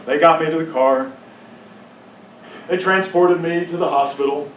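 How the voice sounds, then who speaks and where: A high-voiced man gives a personal testimony to a congregation, telling his story with emotion and rising to impassioned outbursts. At painful moments he drops to a hushed, halting voice. The room is echoey, the mic distant, with slight background noise.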